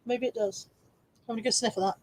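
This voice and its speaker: A woman's voice: steady tone, fast talker, darkish tone, no room sound, low-quality recording. A woman hosting a casual live stream from home, reading viewer comments aloud and laughing easily. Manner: high baby-talk voice to her dog.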